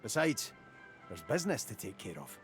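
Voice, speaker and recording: A man's voice: lowish voice, very animated, moderate pace. An actor playing a blunt, sceptical male dwarf rebel in a video game, speaking plainly with a wry edge. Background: faint game music.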